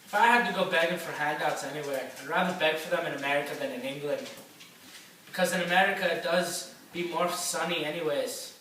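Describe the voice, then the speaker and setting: A man's voice: on the high side, brisk, bright, forceful tone, a little hiss or hum. A man playing a frail, whiny old mother in an amateur stage play, speaking with a plaintive, needling manner. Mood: fretful. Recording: echoey room, mic far off.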